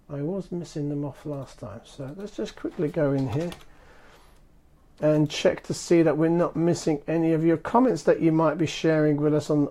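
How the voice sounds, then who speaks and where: A man's voice: a little high, darkish tone. A man hosting a marketing live stream from his phone, chatting casually and rambling, with many fillers and restarts.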